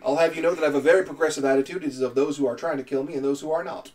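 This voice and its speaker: A man's voice: a little high, steady tone, very fast, darkish tone, recorded from a distance, natural voice. A man voicing a folksy male fighter who wants to be a farmer, with a Southern US accent and an earnest drawl.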